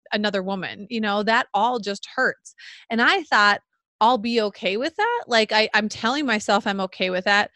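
Woman podcast co-host, thirties, candid and rambling, dry close-miked sound, mid-pitched. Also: bright, forceful tone, dry recording. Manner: emotional, rambling with many fillers. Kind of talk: candid conversational podcast talk.

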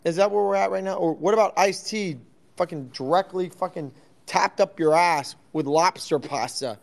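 A young man hosting a crypto talk stream, rambling and swearing in loud, jumpy, sarcastic banter from an office at night. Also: high voice, moderate pace, vocal fry. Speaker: crypto space host.

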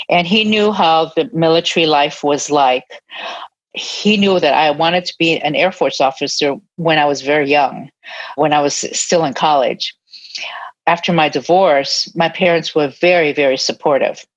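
In a dull lo-fi interview recording, a retired army nurse, an older woman with a deep voice, tells her life story. She speaks earnestly and reflectively, occasionally giving a soft laugh.

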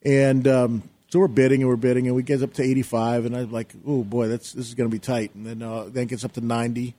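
A middle-aged man recounting a story as a talk show guest. He tells it with energy and acts out his own shouting in the retelling. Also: mid-range voice, little pitch movement, fast talker. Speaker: guest, real estate investor.

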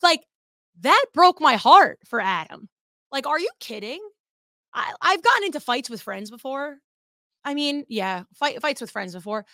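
Bright-voiced chatty woman podcast host. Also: high voice, unhurried, no room sound, clean studio sound. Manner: animated, chatty, swears freely. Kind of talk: casual podcast monologue.

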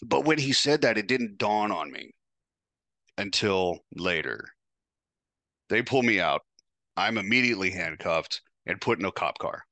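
A man's voice: on the low side, expressive, a little slow, pauses often, sharp tone, dry recording. A man hosting a podcast, telling a first-person story in a casual, profane, wry way. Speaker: podcast host.

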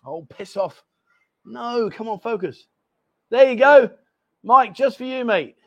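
A man's voice: sits high, animated, a little slow, dry recording, highs cut off. A man hosting a casual livestream from a bar, chatty and apologetic, bantering with his co-host.

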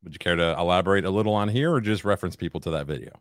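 A man co-hosting a podcast in casual chat, talking in a measured, wry and teasing way. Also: sits low, dry recording, studio quality. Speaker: podcast co-host.

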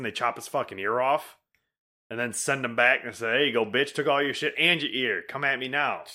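A man's voice: medium pitch, pushed and bright. A man telling a history story in a laid-back, profane, casual way.

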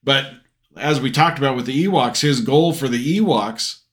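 In casual conversation on the podcast he shares with his son, a middle-aged father talks at a normal speed in a mid-range, fairly bright voice. His speech rambles, with frequent fillers and restarts.

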